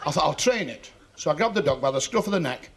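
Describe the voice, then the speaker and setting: A man doing stand-up comedy, firing off quick one-liners with mock-innocent asides, on an old television recording. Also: a little high, expressive, a bit bright.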